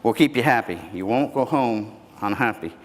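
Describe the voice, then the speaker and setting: A man's voice: mid-range voice, expressive, moderate pace, close to an everyday voice. A man voicing an eager saleswoman at a perfume counter, in upbeat sales talk, heard in an echoey hall. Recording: echoey hall, faint background noise.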